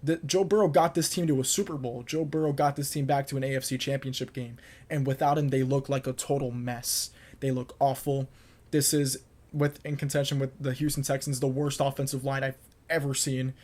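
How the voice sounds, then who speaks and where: A man's voice: mid-range voice, level tone, a little fast, darkish tone. A young man hosting his own podcast, delivering confident football predictions in a solo monologue and repeating points for emphasis. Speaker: podcast host. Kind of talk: solo sports picks monologue.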